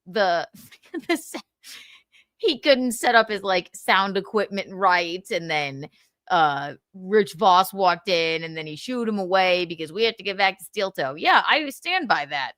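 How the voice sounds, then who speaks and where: A woman's voice: mid-range voice, a little slow, no room sound. Woman host ranting n gossiping on a live show, laughs a lot, swears, dry mic. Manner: animated, swearing, mocking, laughing often. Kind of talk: casual gossip commentary on a livestream.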